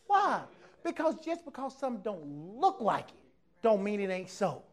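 A man with a notably high voice preaches a lively, animated sermon to his congregation. He talks in a relaxed, casual way and keeps acting out other people's voices, swinging between quiet asides and loud, emphatic points. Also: moderate pace. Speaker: pastor. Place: church service with congregation.

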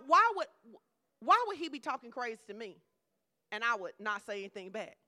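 A middle-aged woman preacher giving a lively, conversational sermon with humor. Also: fairly high pitch.

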